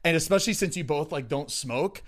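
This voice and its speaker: A man's voice: on the high side, expressive, fairly quick. A young man co-hosting a podcast, chatting casually and rambling with lots of filler words and swearing. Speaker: podcast co-host. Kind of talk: casual chat.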